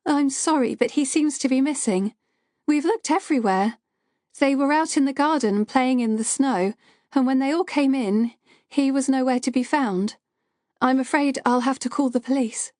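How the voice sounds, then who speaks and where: A woman's voice: high-pitched, moderate pace, darkish tone, no echo, studio quality, voice pushed up, close to an everyday voice. A woman voicing a shaky young female nursery worker calling with bad news, anxious and apologetic.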